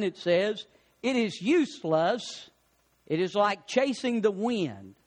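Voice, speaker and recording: A man preaching a sermon as pastor, animated, joking, his voice rising on emphasis. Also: high-pitched.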